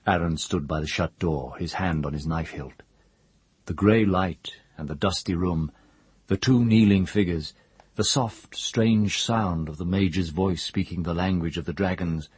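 A man narrating a fantasy audiobook in a measured, even storytelling manner. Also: deep voice, breathy edge, no echo. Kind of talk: scripted narration.

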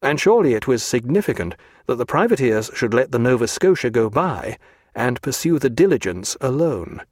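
Measured man reading a novel, dry sound. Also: mid-range voice, no echo. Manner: measured, even storytelling. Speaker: audiobook narrator. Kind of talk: scripted narration.

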